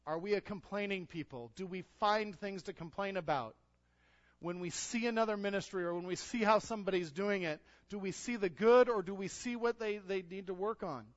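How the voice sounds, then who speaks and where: A male pastor preaches to his congregation in a fairly high voice, earnest and building to forceful exhortation. The recording has a dull, lo-fi quality. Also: fairly quick. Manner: earnest, rising to loud exhortation. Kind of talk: sermon. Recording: dull lo-fi sound.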